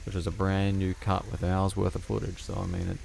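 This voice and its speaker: A man's voice: deep voice, completely flat delivery, a little fast, gravelly, a little mellow, a little hiss or hum. A man with a subtle Australian accent chatting and joking with viewers as he plays a game live. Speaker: gaming streamer. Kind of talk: casual live gameplay commentary.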